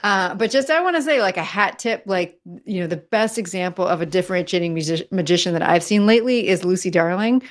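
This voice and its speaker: A woman guest in an interview, talking in an animated way, often restarting her sentences and using fillers like "like" and "you know". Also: on the low side, fast talker, hardly any pauses. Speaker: guest, messaging consultant. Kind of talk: conversational interview.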